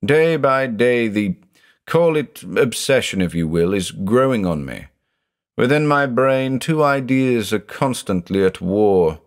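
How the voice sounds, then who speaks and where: A man's voice: medium pitch, animated, measured pace, pitched above the performer's own voice. A man voicing a tormented older male judge who is brooding and anguished and says he is haunted by thoughts of murder.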